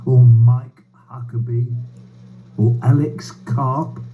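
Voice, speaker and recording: Slow sardonic man on a tinny line. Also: medium pitch, steady tone, soft background music. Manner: slow, sardonic, with bitter laughs and swearing. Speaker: speaker addressing a rally by video. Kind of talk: prepared political speech. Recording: tinny phone-like line with faint hum.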